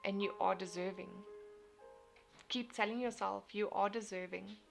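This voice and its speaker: A woman's voice: mid-range voice, fairly even intonation, normal speed, gravelly, soft background music. A young woman, hosting a casual motivational live stream, talking earnestly and reading out viewer comments. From South Africa. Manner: earnest, repeats and restarts phrases.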